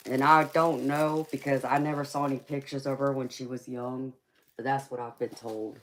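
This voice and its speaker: A woman's voice: extremely low pitch, flat delivery, moderate pace, slight background noise. A woman with a heavy Southern accent from Georgia, chatting casually and laughing often while hosting a late-night live stream. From California.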